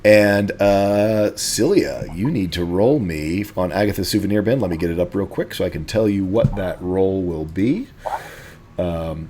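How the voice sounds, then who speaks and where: A man's voice: sits low, measured pace, darkish tone, a little hiss or hum. A man running a tabletop game as game master, chatty and playful.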